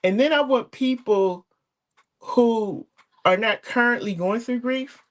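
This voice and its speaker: Earnest older woman talk host. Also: slow. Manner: earnest, emotional storytelling with rising pitch. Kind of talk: casual talk show hosting.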